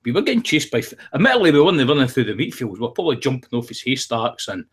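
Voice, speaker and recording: A man's voice: mid-range voice, sing-song, rapid-fire, husky. A man rambling in casual chat, swearing freely and telling jokey stories. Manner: rambling, profane, jokey storytelling.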